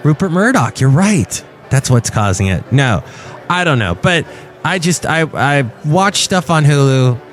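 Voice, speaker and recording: A man's voice: fairly high pitch, measured pace. A man hosting a podcast, telling rambling comic stories in casual chat. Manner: rambling storyteller with a lively, bouncing delivery and many restarts. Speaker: podcast host. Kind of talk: casual comedic monologue.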